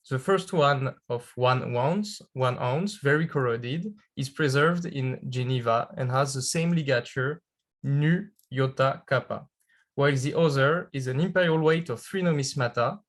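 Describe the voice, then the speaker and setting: A man with a French accent reading an academic paper aloud on a video call, careful and measured, with small restarts. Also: mid-range voice. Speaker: conference speaker.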